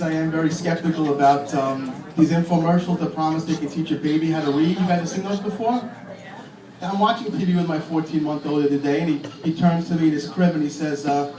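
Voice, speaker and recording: Fairly high-voiced male stand-up comic in his thirties, deadpan and crude, recorded from afar. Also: fairly quick, a crowd in the background. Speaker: stand-up comedian. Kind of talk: stand-up comedy set. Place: comedy club. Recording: echoey club from far off. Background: audience laughter and room noise.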